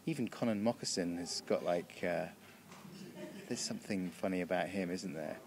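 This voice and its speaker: Deep-voiced rambling British man. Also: moderate pace, a crowd in the background. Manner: rambling, self-interrupting, chuckling. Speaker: comedian interviewee. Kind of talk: casual backstage interview. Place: backstage room.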